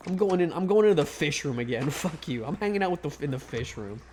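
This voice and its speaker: A man's voice: fairly high pitch, animated, quick pace, few pauses, a little mellow. A man streaming a video game live, giving casual commentary, joking and swearing as he talks back to the game.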